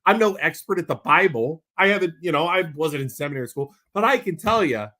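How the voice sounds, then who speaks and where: A man's voice: a little high, brisk. A married man co-hosting a podcast, ranting heatedly and bluntly, repeating himself when worked up. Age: adult with a wife. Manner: calms down when making announcements. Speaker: podcast co-host. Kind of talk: passionate podcast rant.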